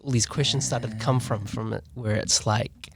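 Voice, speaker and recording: A man's voice: on the low side, steady tone, normal speed, creaky. A man with a New Zealand accent, a podcast guest chatting casually and reflectively, with lots of "man" and "like". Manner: laid-back, drops "man" and "like" often. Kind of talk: casual chat. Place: podcast studio.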